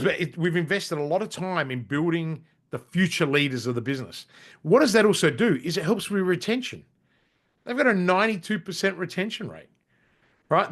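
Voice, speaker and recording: With a fairly high, fairly bright voice, the middle-aged Australian guest on a podcast shares business anecdotes in a casual interview. His delivery is blunt, peppered with swearing and false starts.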